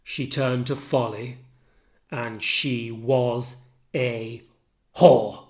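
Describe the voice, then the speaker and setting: A man reading the part of a tormented, jealous general, declaiming verse and swinging between hushed and loud lines. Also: mid-range voice, fairly even intonation, drawn-out words. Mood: accusing. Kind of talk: dramatic reading of a play.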